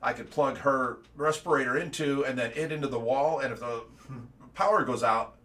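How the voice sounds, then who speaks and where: A man's voice: mid-range voice, moderate pace, sharp tone. A middle-aged man from the United States giving a casual livestream update, rambling and repeating words, with laughs between his stories. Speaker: fish rescue owner giving an update.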